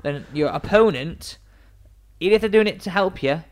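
A man co-hosting a casual golf chat, animated and acting out scenes as he banters. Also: sits high, moderate pace, clean tone. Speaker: podcast co-host.

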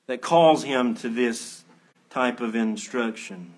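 A pastor preaches an expository sermon at a slow pace, earnest throughout. He swells to emphatic peaks, then drops low, mixing in conversational asides and rhetorical questions.

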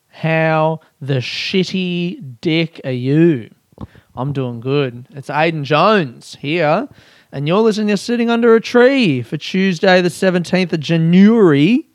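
A man hosts a casual solo podcast, telling rambling jokes about himself and laughing often. His voice sits fairly high, and he talks at an unhurried, drawn-out pace. The sound is dry and close. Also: no room sound. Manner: chatty, joking and self-mocking, laughs often. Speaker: podcast host.

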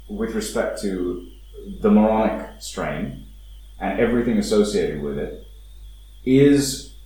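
Male commentator, low voice, emphatic scornful rant, boomy room with faint noise behind. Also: darkish tone, very echoey, poor audio. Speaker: political commentator. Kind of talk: opinionated monologue commentary.

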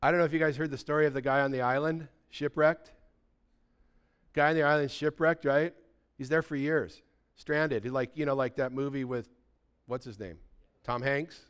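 A man's voice: medium pitch, steady tone, moderate pace, clean tone. A pastor in his sixties preaching a sermon in a conversational storytelling way, often checking in with his listeners.

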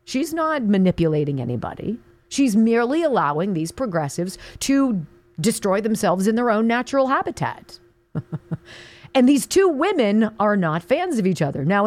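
A woman's voice: medium pitch, a little mellow. A woman in her fifties hosting an opinion talk show, delivering a sarcastic, emphatic monologue with mocking asides.

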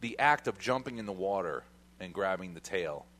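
A man's voice: deep voice, lively intonation, moderate pace, a bit bright. A man co-hosting a podcast, chatting casually with joking banter. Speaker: podcast co-host. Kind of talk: casual chat.

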